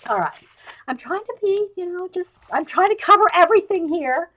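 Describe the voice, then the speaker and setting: A woman's voice: extremely high pitch, animated, fairly quick, a bit bright, a little hiss or hum. A woman hosting a casual show-and-tell live stream from her craft table at home, rambling and chatting straight to her viewers over a webcam. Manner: rambling, wanders off topic.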